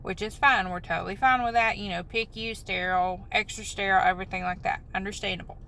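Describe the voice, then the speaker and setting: A woman's voice: mid-range voice, fairly even intonation, quick pace, gravelly, sharp tone, low-quality recording. A woman venting in a rambling, upset, apologetic way in a vlog, recorded on a phone in a parked car. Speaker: vlogger.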